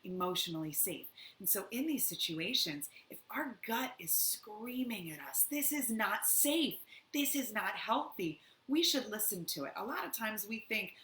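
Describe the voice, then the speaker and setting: An earnest woman educator answers questions from viewers, with a lower voice that still sounds bright and forceful. She explains her points by acting out examples. The room is echoey, and there is a faint hiss of background noise. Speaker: domestic violence educator.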